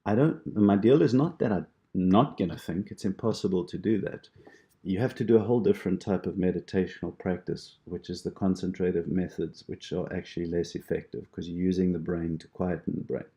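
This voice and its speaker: A man teaching a prayer practice, explaining it gently and reassuringly with imagery. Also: sits low, brisk. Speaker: meditation teacher. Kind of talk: instructional talk on prayer practice.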